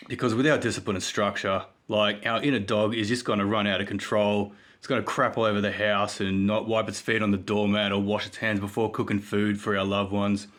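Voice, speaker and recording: A man giving a rambling, jokey self-help monologue for his vlog. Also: fairly low pitch. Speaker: vlogger.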